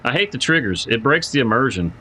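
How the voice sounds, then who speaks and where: A man hosts a live game stream, rambling casually and greeting viewers by name. His voice is bright and forward. Faint game noise sits quietly behind him. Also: mid-range voice, sing-song, quick pace, rough recording. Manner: rambling, repeats words while thinking aloud. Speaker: livestreamer playing a farming game.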